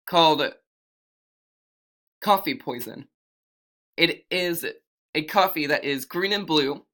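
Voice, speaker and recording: A man's voice: a little high, bright, forceful tone. A man telling an improvised fantasy story in a rambling way, often correcting himself as he goes.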